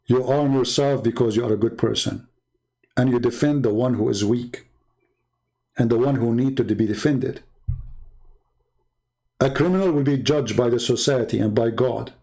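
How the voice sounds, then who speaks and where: A man's voice: mid-range voice, normal speed, pauses often, mellow. A man from the Middle East speaking English, in an emphatic, repetitive casual monologue with broken grammar. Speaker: Christian apologist.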